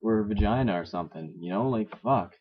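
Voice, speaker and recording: A man's voice: on the low side, brisk, husky. A man voicing Nick, a crude brash young guy. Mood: pushy. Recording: dull lo-fi recording.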